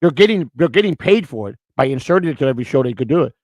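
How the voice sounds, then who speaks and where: A man's voice: mid-range voice, lively intonation, very fast, no echo. A man hosting a live-streamed show, talking in a rambling, emotional way, repeating words and getting choked up. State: emotional, near tears. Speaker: show host.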